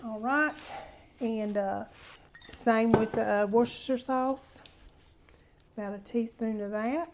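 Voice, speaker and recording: A woman walks viewers through a recipe in a homey, chatty way, calling them honey. Her voice sits a little high. Food sizzles faintly in the pan behind her in a home kitchen. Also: slow pace, long pauses, background noise. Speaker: cooking show host. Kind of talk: casual cooking demonstration.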